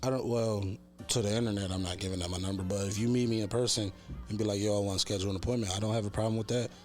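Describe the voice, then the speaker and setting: A man's voice: lowish voice, racing, faint music behind. A man who works as a barber, talking casually and bluntly on a podcast, with lots of swearing. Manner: blunt, profane, animated storytelling.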